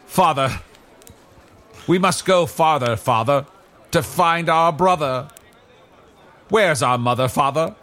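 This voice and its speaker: A man's voice: fairly high pitch, slow, pauses often, fairly bright tone. A man playing a hammy actor who declaims melodramatic monologues in an improv comedy scene. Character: hammy male actor doing dramatic monologues.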